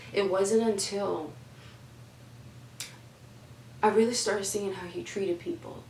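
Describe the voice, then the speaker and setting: A woman's voice: on the low side, darkish tone, reverberant, distant mic, a little hiss or hum, low-quality recording. A young woman giving heartfelt life advice in an emphatic way, repeating phrases for stress. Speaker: advice vlogger.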